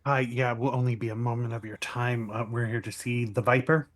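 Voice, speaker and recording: A man's voice: mid-range voice, level tone, fairly quick. A male player talking in character during a tabletop game. He is playful but hesitant, and starts his lines with uhs.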